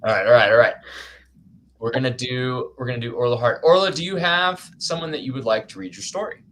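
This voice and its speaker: A man's voice: medium pitch, fairly quick, fairly bright tone, slight background noise. A man hosting a casual live-stream chat, rambling and self-conscious, laughing often and restarting his sentences. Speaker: host.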